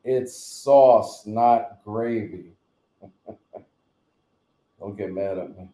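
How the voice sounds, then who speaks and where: Mellow-voiced New man, rambling. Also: fairly low pitch, drawn-out words. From New Jersey. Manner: rambling, joking storyteller. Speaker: live stream host. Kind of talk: casual live stream chat. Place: home room, in bed. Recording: roomy echo.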